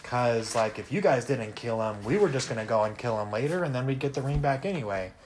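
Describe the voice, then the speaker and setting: A chatty henchman of a villain, as a man puts him on, rambling and heavy on filler words. He talks in an ordinary mid-pitched voice, wheedling his way through a tabletop game scene. A faint hiss sits behind him. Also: animated, fairly quick, lightly acted.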